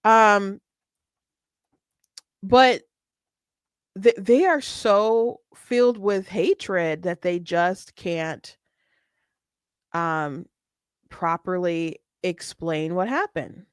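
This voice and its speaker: Animated woman chatting on her own show. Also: mid-range voice, drawn-out words, pauses often, clear, resonant tone, no room sound, clean studio sound. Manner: chatty and animated, with frequent restarts. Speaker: commentary show host. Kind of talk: casual political commentary.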